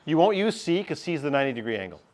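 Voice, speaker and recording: A man's voice: a little high, sing-song, rapid-fire. A male teacher, giving a chatty classroom lesson and often checking in with his class.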